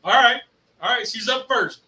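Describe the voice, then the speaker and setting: Man, casual cooking show host, chatty, very bright tone, roomy echo. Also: very high-pitched, normal speed. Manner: easygoing, chatty, laughs often. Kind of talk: casual chat while cooking and eating. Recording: echoey room, mic at a distance, faint noise.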